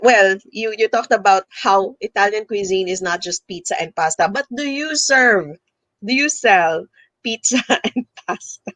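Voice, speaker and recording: Filipino-accented host, mid pitch, keeps nudging the guest with questions, dry sound. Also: unhurried, a bit bright, no echo. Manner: prompting questions, frequent short backchannels. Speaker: talk show host. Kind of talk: casual interview conversation.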